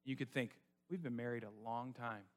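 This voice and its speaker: A male pastor preaching a sermon to his church, repeating phrases and swinging between loud rising appeals and soft hushed lows. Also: steady tone, moderate pace.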